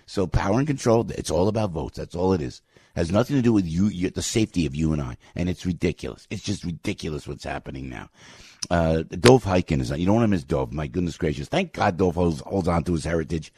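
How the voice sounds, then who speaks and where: A man hosting a talk radio show, giving a fired-up, rambling opinion monologue that swings from loud outbursts to low asides. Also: lively intonation, fast, husky, dry recording.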